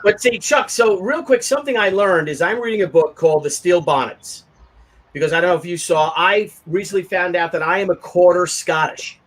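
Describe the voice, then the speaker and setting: A man's voice: high voice, a little fast, poor audio. A man hosting a casual online talk show, telling a long story with many restarts and asides. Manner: rambling, animated storytelling with frequent restarts. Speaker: show host. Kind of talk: casual chat.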